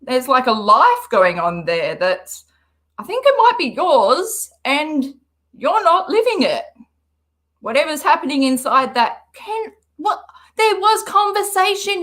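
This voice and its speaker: A woman hosting a reaction livestream, talking in an animated, sarcastic way and laughing often. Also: high-pitched, measured pace. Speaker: livestream host.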